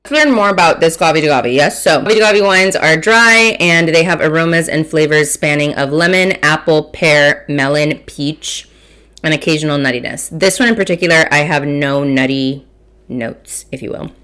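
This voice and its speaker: Her voice is low-pitched and fairly bright, at a normal pace. She's a woman in her 30s from Mission, Texas, hosting a laid-back food and wine podcast where she eats and tastes while talking, chatty, self-deprecating, and swearing freely.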